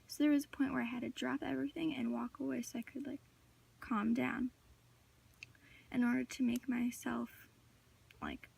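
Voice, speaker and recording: With a voice on the high side that's mellow, slightly rough and marked by vocal fry, a teen student presents her class project. She reads from a prepared talk, slipping in filler words now and then, and the mic picks her up from a distance.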